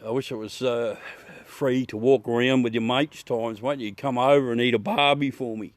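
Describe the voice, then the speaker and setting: A laid-back Australian man talks to his live viewers from his backyard at night, swearing freely and laughing often. His voice sits at a middling pitch and sounds close and dry. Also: steady tone, normal speed, dry recording. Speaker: livestream host. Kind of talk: casual chat with live viewers.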